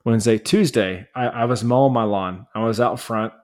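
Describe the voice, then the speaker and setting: Man, podcast co-host, casual, rambling, mid-pitched, laughs a lot. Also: normal speed. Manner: rambling storyteller, laughs often, animated when ranting. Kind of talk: casual chat.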